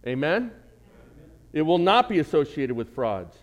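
A man preaching a sermon as pastor, animated, with jokes and asides to the congregation. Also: mid-range voice, normal speed.

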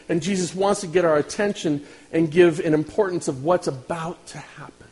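A man preaching a sermon as pastor, talking directly to his congregation and swinging from loud outbursts to hushed lines. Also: on the high side, normal speed, few pauses, rough recording.

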